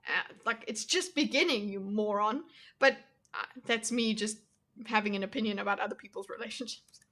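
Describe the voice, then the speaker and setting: A woman's voice: mid-range voice, normal speed, bright, forceful tone. A young woman streaming reaction commentary, talking casually to her chat with blunt, mocking asides.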